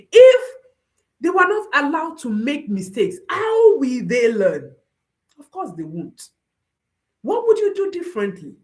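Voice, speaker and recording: A woman parenting coach giving a motivational talk, emphatic and repeating her key phrases like refrains. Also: on the high side. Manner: rises and drops sharply for emphasis.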